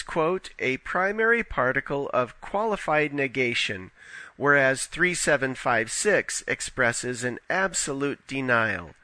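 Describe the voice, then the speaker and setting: A man reads a scripted scripture study slowly and deliberately, setting each quotation apart with care. His voice is bright and forceful, and it sounds close and dry, with no room sound around it. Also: medium pitch, dry recording. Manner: measured, deliberate reading with careful quotations. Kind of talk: scripted narration.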